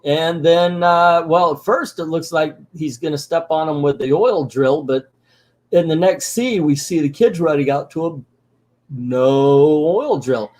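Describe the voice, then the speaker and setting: A man's voice: on the high side, a little slow, a little mellow. A man casually recapping a cartoon episode as a channel host, with sarcastic, joking asides.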